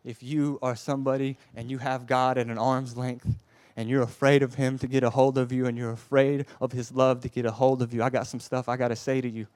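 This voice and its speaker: A man delivers a heartfelt sermon at a medium pitch. He drops to a near hush, then rises to loud emphatic pleas, and he stumbles over repeated words when stirred. The sound is dry and close, with no room echo. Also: level tone, brisk, few pauses. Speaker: preacher.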